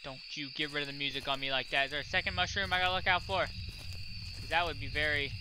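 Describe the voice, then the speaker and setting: A man's voice: on the high side, steady tone, fast talker, noisy background. A young man commentating a horror game, jittery and jokey, chatting to the monster chasing him. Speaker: gaming YouTuber.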